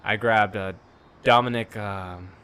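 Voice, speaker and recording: A man's voice: on the low side, fairly even intonation, slow pace, pushed and bright, clean tone. A young man, a podcast guest who chats easily and laughs a lot. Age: young adult. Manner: laughs often, easygoing storyteller. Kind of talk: casual chat.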